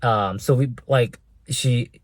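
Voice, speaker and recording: Slow, hesitant young man. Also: mid-range voice, no room sound. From Korea. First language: Korean. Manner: hesitant, full of fillers and "right?" tags. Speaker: vlogger. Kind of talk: casual storytelling vlog.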